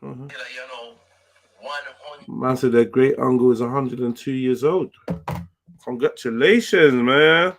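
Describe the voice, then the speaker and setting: A man's voice: mid-range voice, takes it slowly, pauses often. A man hosting a casual livestream chat. He talks in loose, teasing street slang. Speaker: livestream host.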